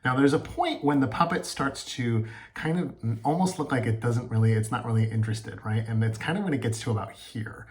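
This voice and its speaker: A man's voice: medium pitch, a little fast, hardly any pauses. A male teacher giving a home lesson on making and performing puppets, with friendly step-by-step instructions. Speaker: elementary school teacher. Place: at home by a table.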